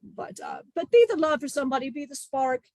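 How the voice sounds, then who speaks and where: A woman's voice: sits high, fairly quick, darkish tone, no echo, natural voice. Woman channeling a jovial ancient spirit teacher. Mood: warm jokey. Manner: rambling, joking sermon-like advice.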